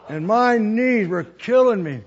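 A man's voice: high-pitched, lively intonation, a little slow, creaky, lo-fi sound. A man preaching a sermon, telling his own testimony in an earnest, emotional way with chuckles between lines.

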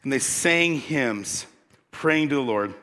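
A man preaching a sermon, telling the story with animated energy that builds to loud peaks. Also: mid-range voice, takes it slowly. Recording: long hall reverb.

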